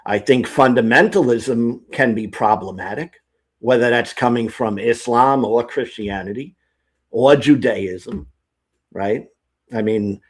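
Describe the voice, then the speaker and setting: A man speaking as a guest in a casual online conversation, relaxed and hedging with "you know". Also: mid-range voice, slightly rough.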